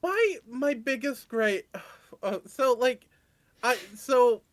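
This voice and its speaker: Man, podcast guest, high voice, relaxed and chatty with some hesitation. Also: slow pace. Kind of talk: casual chat.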